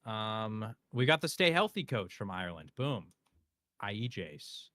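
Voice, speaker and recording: Bright-voiced man hosting a casual stream. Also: lowish voice, sing-song, no room sound. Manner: offhand, quick joking banter. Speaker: streamer host.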